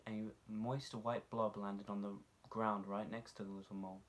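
A young man, a drama student, reading a children's story aloud in an expressive storytelling manner and relishing the sound-effect words. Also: on the low side, moderate pace, few pauses. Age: young adult.

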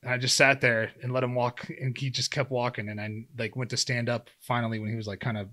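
A man's voice: mid-range voice, fast. Guy in his 30s chatting on a podcast, acts out what he said, lots of likes and you knows. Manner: animated storyteller, acts out his own quotes, many fillers. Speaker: guest, former pro football player turned hunter. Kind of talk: casual storytelling conversation.

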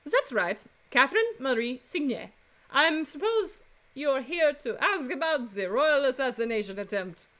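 A woman's voice: sits high, sing-song, a little slow, fairly bright tone, pitched above the performer's own voice, full character voice. A woman voicing a poised young French flower-seller bird, with a put-on French accent and a composed, guarded manner.

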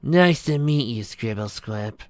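A man voicing a friendly young mare who works at a club, talking slowly and easily in a read-aloud pony story. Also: medium pitch, animated, a little mellow, no room sound, studio quality. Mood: easygoing. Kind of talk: fan fiction read aloud.

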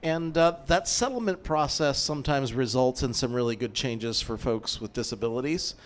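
A man poses a long, winding question at a meetup Q&A, stopping and restarting with plenty of fillers. His voice sits at an ordinary middle pitch for a man. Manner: rambling, halting, many fillers. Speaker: lawyer asking questions. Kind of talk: Q&A moderator question.

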